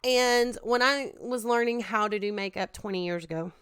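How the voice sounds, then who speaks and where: This woman in her thirties is a makeup vlogger whose smooth, slightly high voice has a bit of brightness and moves at a moderate pace. While working on her makeup she chats in a rambling, self-deprecating way, now and then speaking to her husband between steps.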